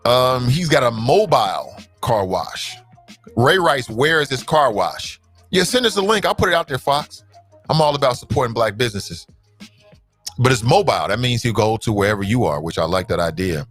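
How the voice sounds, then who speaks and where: A man's voice: medium pitch, big pitch swings, moderate pace, fairly bright tone, soft background music. A man hosting a live talk show, reading viewer comments aloud and bantering casually with his audience. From Cincinnati, United States.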